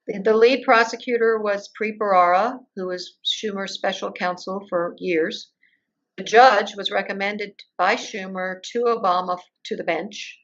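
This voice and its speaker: A woman's voice: mid-range voice, normal speed. An older woman being interviewed, telling her story at length and acting out the conversations she recounts. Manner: storytelling, acts out quoted exchanges. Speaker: interview guest. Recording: muffled lo-fi audio.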